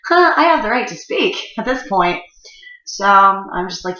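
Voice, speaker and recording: A woman's voice: mid-range voice, big pitch swings, a little slow, sharp tone. A woman telling a personal story in a casual, profane, rambling way with many fillers. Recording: roomy, slightly dull recording.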